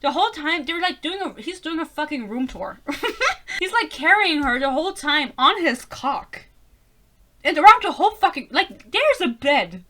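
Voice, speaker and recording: A woman's voice: high voice, sing-song, moderate pace, fairly bright tone. A young woman reviewing a book in a casual rant, sarcastic and exasperated, swearing often and breaking into laughter; English is not her first language.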